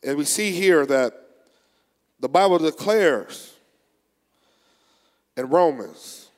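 A male preacher delivering a sermon, reading scripture slowly and preaching with rising fervor. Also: a little high, expressive. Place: church. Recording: long echo of a large hall.

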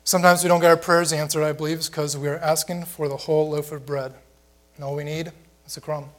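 A man preaching a sermon with a voice pitched a bit higher than most men. He speaks plainly and conversationally and keeps asking the congregation rhetorical questions. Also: flat delivery, fast talker, a bit bright. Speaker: pastor.

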